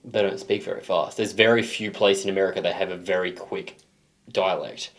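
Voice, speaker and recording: A deep-voiced man with an Australian accent talks a little fast while co-hosting a music reaction show. He chats casually, tells animated stories, and teases his co-host.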